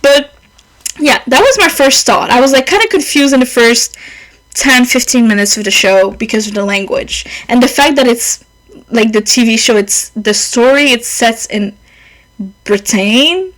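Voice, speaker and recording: A woman's voice: fairly high pitch, moderate pace, fairly bright tone, rough recording. A young woman hosting a podcast in casual, rambling chat, with a mother tongue and easy swearing. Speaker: podcast host.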